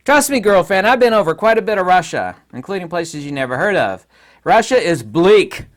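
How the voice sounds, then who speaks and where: A man's voice: high voice, big pitch swings, moderate pace. Rambling sarcastic middle-aged man. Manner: rambling, sarcastic, laughs often. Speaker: channel host, commentator. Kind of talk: casual commentary monologue.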